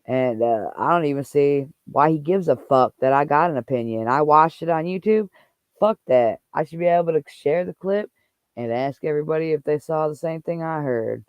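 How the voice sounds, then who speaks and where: A man's voice: fairly high pitch, animated, moderate pace, clear, resonant tone, no echo. A man hosting a casual livestream, ranting angrily and swearing heavily as he vents about someone. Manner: angry, profane, heated rant. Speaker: livestream host.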